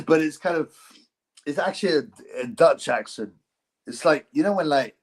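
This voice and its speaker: A man chatting loosely on a livestream in a middle-pitched voice. He rambles from one aside to the next, mocking and joking as he goes. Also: creaky, darkish tone. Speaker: livestream host. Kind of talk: casual livestream chat.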